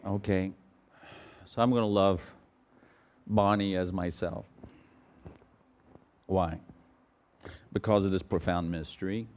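A middle-aged pastor preaching a sermon, asking the congregation rhetorical questions and swinging from loud emphatic outbursts to quiet storytelling. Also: male voice, steady tone, slow, long pauses. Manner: preaching with sudden loud high bursts, then quiet anecdotes.

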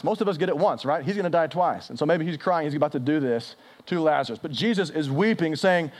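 A male pastor delivering a sermon in a lively, conversational way. He acts out quoted lines with sudden rises and drops in pitch and volume, and his voice sits a little on the high side. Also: quick pace, hardly any pauses. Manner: animated, acts out quotes with big shifts in pitch and loudness.

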